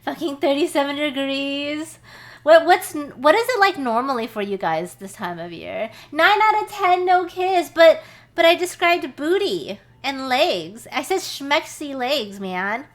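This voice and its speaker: A young woman from the United States, a streamer, chatting casually with her chat from a warm small room, swearing and laughing often. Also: high voice, animated, unhurried.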